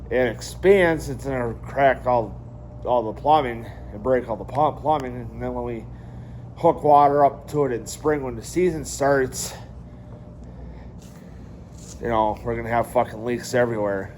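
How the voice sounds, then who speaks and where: A man's voice: mid-range voice, a little mellow. A young man, chatting casually in a vlog, rambling with lots of fillers and frequent swearing. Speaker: vlogger. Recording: faint background noise.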